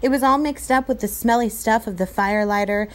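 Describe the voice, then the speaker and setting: A woman teacher reading a novel aloud to her class, clear and expressive. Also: fairly high pitch, brisk.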